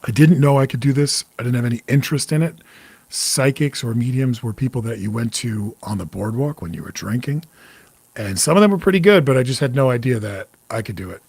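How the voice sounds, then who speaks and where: A man's voice: medium pitch, lively intonation, fairly quick, darkish tone, breathy edge, dry recording. A man in his forties hosting a casual livestream as a psychic medium, talking candidly, cursing freely and greeting viewers by name. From New York area. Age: 40s.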